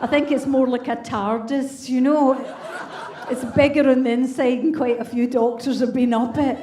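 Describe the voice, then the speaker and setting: A woman's voice: high-pitched, fairly even intonation, normal speed, dark tone, reverberant, far from the mic, a little hiss or hum. A woman in her fifties, a comedy host doing crude, brash stand-up and teasing the crowd. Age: 50s. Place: comedy club stage with audience.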